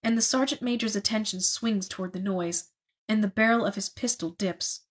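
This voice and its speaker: Brief: woman narrator reading a book aloud, husky and breathy, mid pitch. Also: moderate pace. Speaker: reader.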